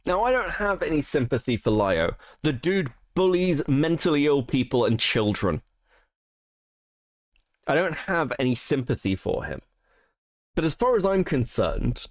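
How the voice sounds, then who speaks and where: A man's voice: fairly high pitch, no echo, studio quality. A man hosting a casual commentary stream, swearing and restarting as he gets worked up. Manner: heated, swearing, frequent restarts. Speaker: stream host.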